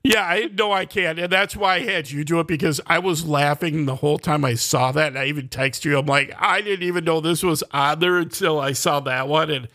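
Easygoing male morning-show co-host with a slightly high voice, reading promos between jokes. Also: brisk, hardly any pauses, sharp tone. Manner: easygoing, reads announcements, laughs along. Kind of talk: casual on-air banter.

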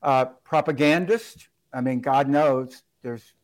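A man's voice: mid-range voice, slow. A man being interviewed on talk radio as a guest author, laid-back and rambling with lots of fillers.

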